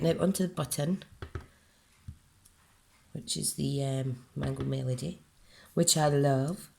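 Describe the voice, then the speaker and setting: Scottish woman, relaxed unhurried craft demonstrator, chatty and self-narrating. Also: deep voice, creaky, slight background noise. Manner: chatty, talks herself through each step. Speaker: card-making demonstrator. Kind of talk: casual crafting tutorial.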